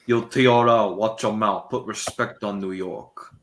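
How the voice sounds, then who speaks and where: A man's voice: fairly low pitch, steady tone, measured pace, a bit bright. A man trading jokes and teasing in casual banter. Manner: teasing, joking. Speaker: co-host.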